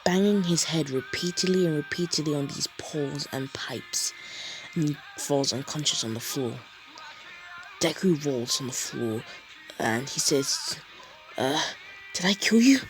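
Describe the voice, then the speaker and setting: Young man, unhurried rambling fan-story narrator, casual and unscripted. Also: on the high side, over music, poor audio. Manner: rambling, full of fillers and asides.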